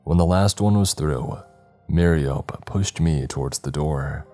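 Very deep-voiced male horror narrator. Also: dark tone. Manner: slow, measured, dramatic reading. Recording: faint background music.

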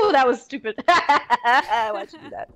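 A woman's voice: high voice, very animated, slow pace, a bit bright. A woman playing a shooter with friends over headset voice chat, teasing and laughing often. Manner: playful, teasing, laughs a lot. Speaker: stream guest and teammate. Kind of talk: casual gaming chat.

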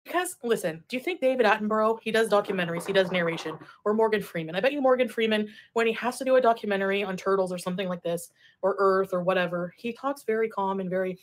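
A woman's voice: mid-range voice, quick pace. A woman streaming live, chatting casually with viewers, reading comments and laughing often. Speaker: livestreamer. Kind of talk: casual livestream chat.

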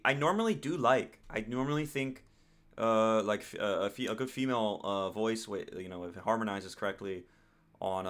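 A man's voice: fairly low pitch, fairly bright tone. An American man hosting a reaction video, commenting casually and rambling with lots of fillers and self-corrections. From United States.

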